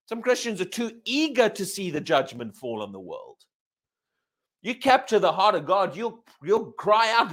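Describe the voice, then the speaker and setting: Male pastor, sermon delivery, emphatic and questioning, higher voice with very lively pitch. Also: normal speed. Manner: emphatic, asks the congregation questions.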